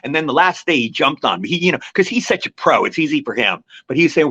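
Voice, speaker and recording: An older man talks quickly and runs from one anecdote to the next in loose, rambling chat, his voice sitting a bit high for a man. The recording is dry and a little dull and lo-fi. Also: very animated, sharp tone, breathy edge, dry recording. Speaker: actor guest. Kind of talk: casual interview chat. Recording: dry, slightly muffled lo-fi recording.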